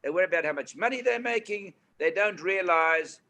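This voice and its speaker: An older man with a South African accent, a guest telling stories on a talk panel in an animated, emphatic way. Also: high-pitched, brisk. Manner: animated anecdotes, emphatic and preachy.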